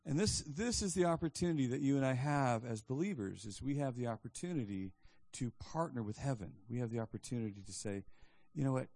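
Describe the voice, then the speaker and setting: A man's voice: medium pitch, animated, a little fast, gravelly, hardly any pauses, a little mellow, no room sound. A male pastor giving a sermon in a conversational storytelling style, often restarting his sentences.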